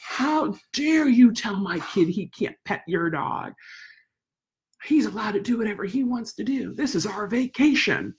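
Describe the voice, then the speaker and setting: A woman's voice: on the low side, expressive, moderate pace, creaky, darkish tone, husky, heavily acted. A woman putting on the voice of an irate, rude mother who scolds and sneers. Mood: indignant. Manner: indignant, sneering.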